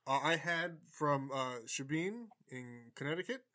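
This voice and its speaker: A man's voice: a little high, lively intonation, a little slow, pushed and bright. A man hosting a casual sports podcast, talking loosely with plenty of fillers as he runs the beer reviews. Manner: rambling, easygoing, filler-heavy. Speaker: podcast host.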